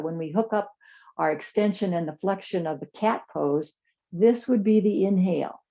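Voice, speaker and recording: Woman yoga teacher, low mellow voice, calm soothing cues, slightly muffled recording. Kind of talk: guided chair yoga class.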